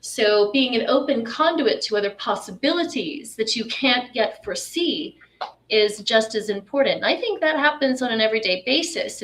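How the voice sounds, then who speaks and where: A woman's voice: fairly high pitch, fairly bright tone. A woman guest on a podcast talking in a reflective, spiritual way, with many "um"s and "you know"s. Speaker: podcast guest, tantra teacher. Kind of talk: casual conversation.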